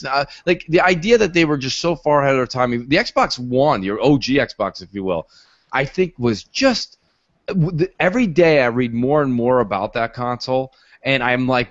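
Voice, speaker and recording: Excitable man telling a story, dull sound. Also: medium pitch, normal speed, no room sound. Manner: excitable storyteller, acts out quotes loudly. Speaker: podcast panelist. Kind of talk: casual chat.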